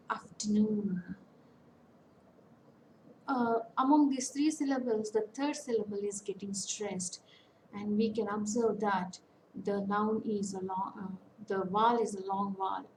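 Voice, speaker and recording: A woman counsellor with an Indian English accent, giving a lecture on English phonetics and pausing often with fillers. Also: medium pitch, a little mellow, rough recording. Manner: slow, deliberate, with many hesitations and fillers. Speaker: academic counsellor. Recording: faint background noise.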